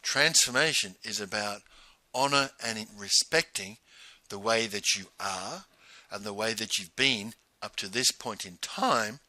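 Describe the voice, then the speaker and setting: Bright, animated man telling a story. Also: on the low side, a little slow, dry recording. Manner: animated, laughs while telling stories. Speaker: host. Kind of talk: casual storytelling monologue.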